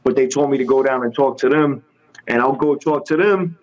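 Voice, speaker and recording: A man guest telling a story with animated energy, using street slang and acting out each person's lines in voices. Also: medium pitch, brisk, highs cut off. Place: podcast studio.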